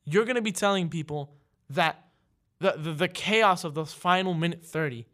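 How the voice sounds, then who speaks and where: A man's voice: fairly high pitch, moderate pace, fairly bright tone. A young man co-hosting a sports radio show, chatting casually and stammering over his words when he is teased. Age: young adult. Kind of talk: casual studio banter. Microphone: studio microphone.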